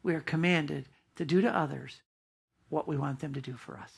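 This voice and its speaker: A woman's voice: deep voice, normal speed, gravelly, slightly rough. A woman pastor preaching a sermon in a church, emphatic and asking the congregation rhetorical questions.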